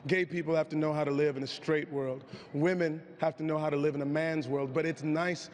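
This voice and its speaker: A hoarse actor answering reporters candidly in an awards press room. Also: male voice, a little high, brisk, long reverb tail. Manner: candid, reflective, loosens up when excited.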